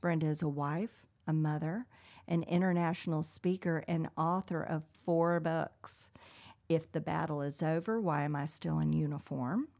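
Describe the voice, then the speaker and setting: Woman co-host, low-ish voice, easy laugh, scripted introduction. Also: steady tone, moderate pace, creaky. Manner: warm, laughs easily, reads introductions. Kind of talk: radio show interview.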